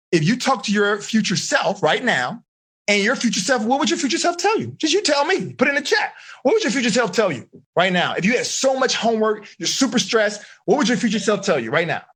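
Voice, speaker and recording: A man running a live online coaching seminar for teens, talking in an energetic, slangy way straight to the kids. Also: high voice, brisk, breathy edge. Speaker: life coach.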